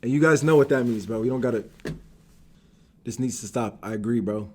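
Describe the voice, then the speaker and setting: A man's voice: medium pitch, brisk, a little hiss or hum. A young man from Algeria ranting on a live stream, heated and swearing, calling everyone "bro". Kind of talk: casual stream rant.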